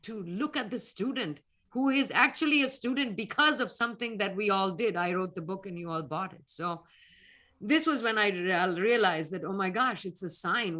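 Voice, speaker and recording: Indian lady talking earnestly, bright clear voice, middle-aged. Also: mid-range voice. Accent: Indian English. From North India. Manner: earnest, gets emotional. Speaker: guest speaker, alumna scientist. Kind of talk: interview answers, reflective talk.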